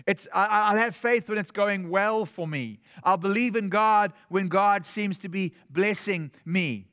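A pastor from South Africa with a South African accent preaches in a relaxed, conversational way. His voice sits high for a man, and he often trips over and restarts his sentences as he works through a point. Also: unhurried. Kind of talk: sermon.

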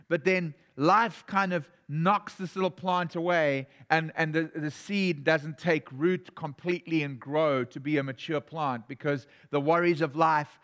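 A man's voice: fairly high pitch, a bit bright. A man from South Africa with a South African accent, a pastor preaching a sermon in a conversational way, telling stories and often restarting his sentences.

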